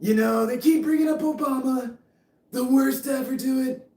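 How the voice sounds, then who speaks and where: A man's voice: very high voice, moderate pace, mellow, far from the mic, voice pushed up. A man doing a bragging politician impression. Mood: boastful. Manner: bragging, superlative-heavy boasting. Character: brash boastful impression of a famous male politician. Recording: roomy, off-mic.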